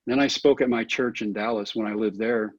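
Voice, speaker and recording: A man's voice: lowish voice, steady tone, fairly quick, no room sound, highs cut off. A middle-aged man telling stories earnestly in a folksy, conversational way as an interview guest. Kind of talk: storytelling interview answer.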